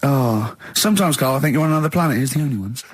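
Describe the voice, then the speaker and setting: Male radio host, casual studio chat; slightly husky, giggly, animated storyteller. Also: medium pitch, racing, dry recording.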